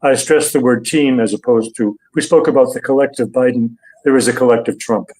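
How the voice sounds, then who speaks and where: An older man as a guest analyst in an interview, speaking deliberately, with frequent hesitations and fillers. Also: medium pitch, darkish tone, rough recording.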